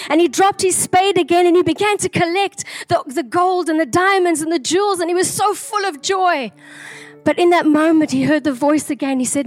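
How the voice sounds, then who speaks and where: A woman's voice: very high-pitched, normal speed, faint music behind. A woman earnestly sharing a prophetic vision as a flowing, repetitive story. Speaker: prophetic speaker.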